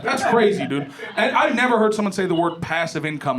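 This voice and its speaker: A young man from Ohio doing a stand-up comedy set in a club, animated and conversational, acting out other people's voices. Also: sits high, fast talker, few pauses. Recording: live club recording with loud crowd noise. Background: loud audience laughter.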